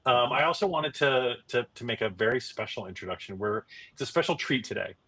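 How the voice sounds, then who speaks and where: A man's voice: medium pitch, fairly quick, a bit bright, husky. A middle-aged man hosting a casual live stream, talking loosely with many fillers and restarts. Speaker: host.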